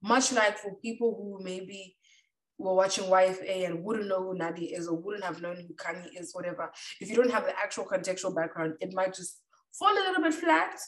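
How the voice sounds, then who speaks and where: A woman's voice: mid-range voice, brisk, a bit bright. Woman chatting casually, lots of "like", roomy and kinda far from the mic. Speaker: podcast co-host. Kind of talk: casual chat reviewing a reality show. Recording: echoey room, a bit far from the mic.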